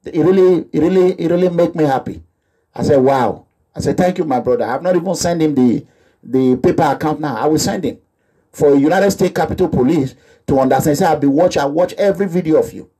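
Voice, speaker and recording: A man's voice: fairly high pitch, a little fast, dark tone, husky. A man with a Nigerian accent delivering an impassioned, repetitive monologue that slips into pidgin phrases. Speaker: activist vlogger. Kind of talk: animated monologue.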